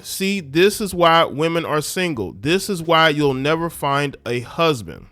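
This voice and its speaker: A man's voice: a little high, sing-song, a little slow, sharp tone, dry recording, soft background music. Scornful ranting male commentator. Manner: scornful, preachy, talks straight at the listener. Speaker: commentary channel host. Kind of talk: ranting social media commentary.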